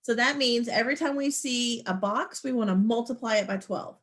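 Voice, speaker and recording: A woman's voice: on the high side, fairly quick, fairly bright tone. A woman teaching a math class over a video call, patient and encouraging as she explains each step. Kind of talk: online class lesson.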